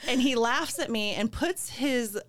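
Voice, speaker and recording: A woman co-hosting a casual podcast, telling lively anecdotes with animated asides. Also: on the high side, unhurried. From northern US. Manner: lively storyteller, animated quotes. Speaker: podcast co-host. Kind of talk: casual podcast chat, storytelling.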